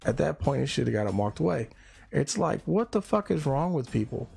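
A man's voice: medium pitch, very animated, brisk, vocal fry, a little mellow, husky. A tired man streaming live, ranting in a blunt, profane and rambling way. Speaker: livestreamer. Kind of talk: casual live-stream rant.

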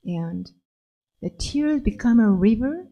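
A woman minister telling a story slowly and gently in a sermon. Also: fairly high pitch, animated, muffled recording.

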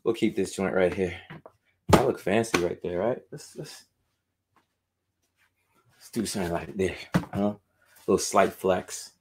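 At home in a room full of shoes, a man runs a casual live stream showing off his sneaker collection, loose and chatty as he drifts between sing-song muttering and explaining. He's winded and a little out of breath, speaking in a low, unhurried voice with frequent pauses. Background noise is audible.

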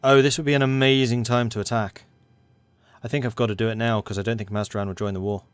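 A man's voice: mid-range voice, little pitch movement, quick pace, clear, resonant tone, no room sound. A man commentating a strategy game, thinking aloud and talking to the game's factions as he plays. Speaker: gaming channel host.

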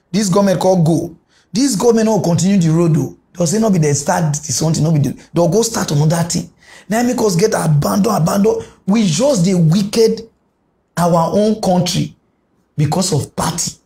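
A man with a strong Nigerian Pidgin English accent pleads with politicians, hammering his points with repeated words. His voice sits high yet sounds soft and mellow, with no edge to it. He talks like an earnest commentator making a heartfelt appeal.

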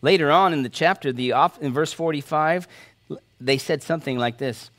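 A man's voice: fairly high pitch, normal speed, fairly bright tone. A man preaching an expository sermon as pastor, speaking in a conversational, emphatic way and often checking in with his listeners.

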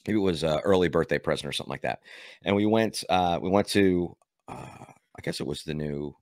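A man's voice: sits low, brisk, a little mellow, no echo, clean studio sound. A man co-hosting a podcast, telling a rambling story in casual chat with many restarts. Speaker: podcast co-host.

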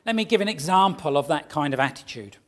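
A man's voice: on the high side, animated, fast talker. A man preaching a sermon in a church, earnest and emphatic as he tells a story.

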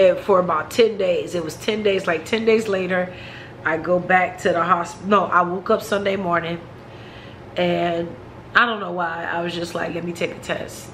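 A woman's voice: medium pitch, a bit bright, slight background noise, low-quality recording. A woman vlogger telling a personal story in a frank, chatty way, talking straight to her viewers.

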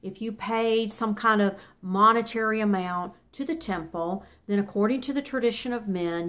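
A woman teaching a neighborhood Bible study in an earnest, conversational way. She reads scripture aloud and then explains it plainly. Her voice sits at an ordinary middle pitch. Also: fairly bright tone.

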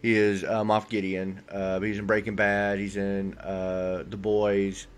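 Male podcast co-host, lower voice, easygoing and enthusiastic chatter. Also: completely flat delivery, unhurried. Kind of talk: casual chat.

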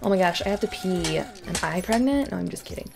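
A young woman casually chatting over her game as a YouTuber, excitable and often dropping to a whisper. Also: fairly low pitch, quick pace, gravelly. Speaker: gaming YouTuber. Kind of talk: casual let's-play commentary.

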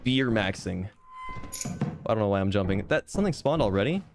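A man's voice: lowish voice, lively intonation, moderate pace, creaky. Playful joking male game streamer. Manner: playful, rambling, self-mocking jokes. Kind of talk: casual gameplay commentary. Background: piano game music.

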